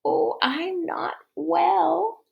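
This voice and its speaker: A woman reading a storybook aloud, voicing a wolf who fakes a sick grandmother's hoarse, cooing voice. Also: very high voice, extremely slow, highs cut off, voice pushed up, exaggerated voice.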